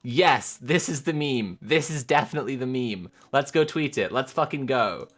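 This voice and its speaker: A woman streamer chatting casually with her viewers, animated and giggly, rambling with lots of filler sounds. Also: extremely low pitch, normal speed. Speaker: live streamer.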